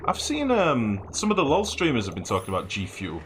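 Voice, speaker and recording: A man's voice: medium pitch, wildly swooping pitch, fairly quick, a bit bright, a little hiss or hum. A man streaming a game live, rambling and swearing as he builds, often humming and mumbling to himself. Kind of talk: live gameplay commentary.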